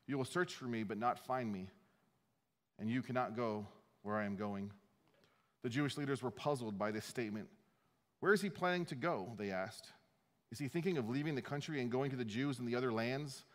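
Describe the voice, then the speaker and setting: A man's voice: medium pitch, a little fast, long reverb tail. A man preaching a sermon as pastor, talking conversationally, restarting his phrases and reading scripture aloud.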